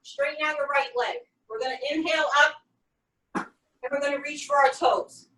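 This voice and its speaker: This fitness coach's high voice stays fairly even in intonation, moving at a moderate pace with a bright, forceful tone. She counts reps and gives upbeat instructions step by step during a home workout. Sound echoes around the room, with the microphone placed far off.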